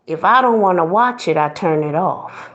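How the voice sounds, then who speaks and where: A woman's voice: fairly low pitch, lively intonation, normal speed, fairly bright tone, highs cut off. A woman host giving a blunt, preachy commentary monologue, mocking others in put-on voices.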